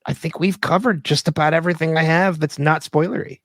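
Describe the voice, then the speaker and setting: A man's voice: on the high side, fairly even intonation, a little fast, fairly bright tone, no room sound. A man co-hosting a casual podcast discussion, rambling with lots of fillers and laughing often. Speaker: podcast co-host.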